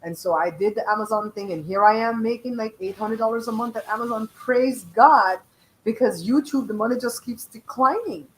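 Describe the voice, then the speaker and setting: A woman's voice: fairly high pitch, moderate pace, slight background noise, poor audio. Belizean woman, middle-aged, blunt and chatty host reading out her live chat. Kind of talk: casual live-stream chat.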